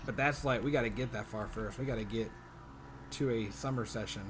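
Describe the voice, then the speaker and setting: A man's voice: mid-range voice, fairly quick, noisy background. A man hosting a casual podcast chat over a video call, trading jokes and playful banter. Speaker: podcast host.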